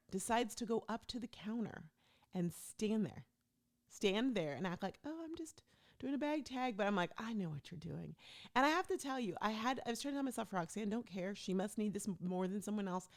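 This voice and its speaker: Woman host, low-pitched, very animated storyteller, chatty. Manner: chatty, animated, acts out quoted people. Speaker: podcast host telling a travel story. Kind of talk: casual storytelling monologue.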